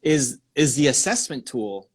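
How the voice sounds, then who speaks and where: A man in mid-range pitch hosts a live stream, coaching a guest with excited energy. He thinks out loud, restarts his sentences and speeds up in bursts as ideas come to him. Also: a little slow, slightly rough.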